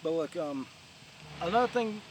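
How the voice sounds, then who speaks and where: A man's voice: a little high, animated, moderate pace. New York man rambling over machinery noise. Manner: rambling, filler-heavy, talks over noise. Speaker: vlogger. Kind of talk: casual spoken review. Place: outdoors near heavy machinery. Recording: outdoor recording with loud machinery noise. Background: distant heavy machinery and traffic.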